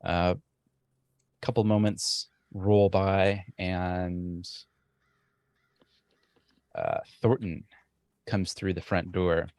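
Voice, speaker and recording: Slow, deep-voiced male game master. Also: little pitch movement, darkish tone, dry recording. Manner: unhurried, with frequent fillers. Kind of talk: narrating a tabletop game.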